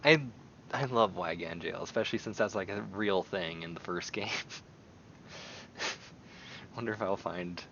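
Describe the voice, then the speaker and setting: A man streaming casual commentary while browsing online, rambling excitably and swinging between mumbles and loud bursts. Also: sits low, moderate pace, pauses often, lo-fi sound, slight background noise. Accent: American. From American.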